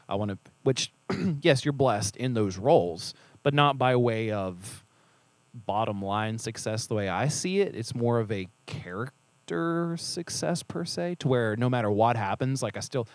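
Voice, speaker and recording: A man co-hosting a casual faith talk, retelling stories with lively acted-out quotes and quick asides. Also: mid-range voice, no room sound. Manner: animated storyteller, acts out quoted voices, quick asides.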